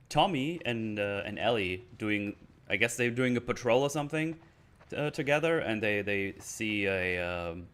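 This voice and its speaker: A man giving a casual, rambling rant reviewing a TV episode, hesitant and full of restarts. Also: lowish voice. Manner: rambling, hesitant, animated quoting of scenes. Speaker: YouTube show reviewer.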